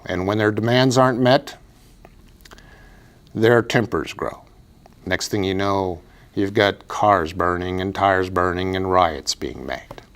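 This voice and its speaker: A man giving an emphatic, preachy political commentary monologue as a write-in candidate, repeating phrases for effect. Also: lowish voice. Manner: emphatic, repetitive, preachy delivery.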